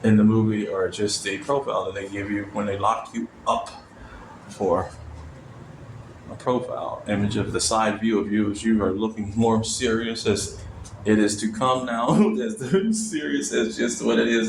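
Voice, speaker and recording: A man's voice: fairly low pitch, steady tone, a little slow, creaky, reverberant, a little hiss or hum, poor audio. A man talking to the camera in a meandering, repetitive monologue.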